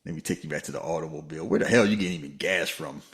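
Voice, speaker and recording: A man co-hosting a casual movie-review podcast, joking and animated, often slipping into mock voices. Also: racing, echoey room. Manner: animated, jokey, slips into high-pitched mock voices. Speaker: podcast co-host.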